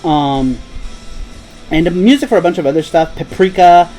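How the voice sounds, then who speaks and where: A man's voice: on the high side, normal speed, mellow, faint music behind, poor audio. A man hosting a casual live stream, chatting in a rambling, laid-back way and laughing easily. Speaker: host.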